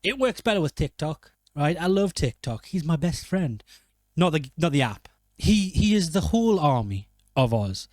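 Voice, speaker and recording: A man's voice: a little high, big pitch swings, normal speed, darkish tone, no room sound. A man giving casual film commentary, rambling and joking, often correcting himself mid-sentence. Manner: rambling, jokey, self-correcting. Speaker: film reviewer.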